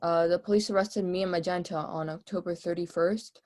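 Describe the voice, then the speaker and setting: A woman's voice: on the low side, steady tone, fairly quick, darkish tone, natural voice. A woman playing a brash young female bank robber, testifying in a casual, streetwise, offhand way over a video call in a mock trial.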